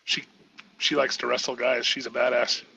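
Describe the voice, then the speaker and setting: A man's voice: medium pitch, monotone, moderate pace, vocal fry, bright, forceful tone, a little hiss or hum, poor audio. A man joining a casual panel chat and cracking blunt, crude jokes.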